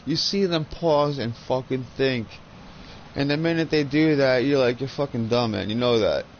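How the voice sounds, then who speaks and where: Profane rambling gamer on a headset. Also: male voice, medium pitch, normal speed, highs cut off, slight background noise. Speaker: gaming channel host. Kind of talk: casual chat while gaming.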